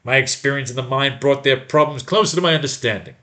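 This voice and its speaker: A man's voice: medium pitch, fast, sharp tone, natural voice. A man voicing a wealthy mine owner who makes a formal, earnest announcement in an old cartoon scene. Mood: solemn.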